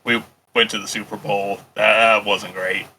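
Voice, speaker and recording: Deadpan man player, very bright voice. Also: fairly low pitch, moderate pace, slight background noise.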